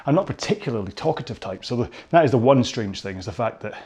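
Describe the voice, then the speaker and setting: A man's voice: mid-range voice, lively intonation, quick pace, a little mellow, breathy edge. A man hosting a rowing workout from his home garage, chatting casually in a rambling, jokey and self-deprecating way during the cool-down.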